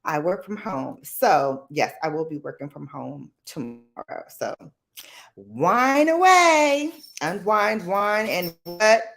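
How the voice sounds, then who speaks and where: A woman hosting a casual live stream, chatty and slangy, often calling out greetings to viewers in a loud, high voice. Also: animated, unhurried, gravelly, few pauses. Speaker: livestream host.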